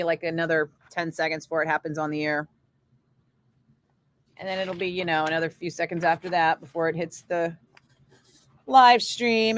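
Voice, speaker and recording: A woman radio DJ chatting casually in her studio, answering viewer comments in an animated way with lots of fillers. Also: fairly low pitch, no echo.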